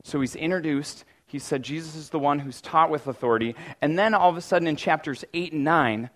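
Man, pastor preaching a sermon, somewhat high voice, casual, lots of "like" and restarts, occasional loud mock shouts. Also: brisk. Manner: bursts into loud mock-panic exclamations.

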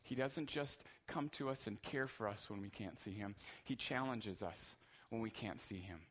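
A man's voice: on the low side, moderate pace, a bit bright, husky. A man preaching a sermon as pastor, earnest and emphatic, repeating phrases for rhythm.

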